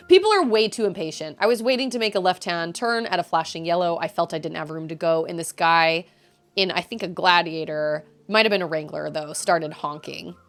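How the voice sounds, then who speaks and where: Lively-pitched woman venting on a stream. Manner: venting, rambling with frequent restarts. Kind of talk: casual chat while gaming.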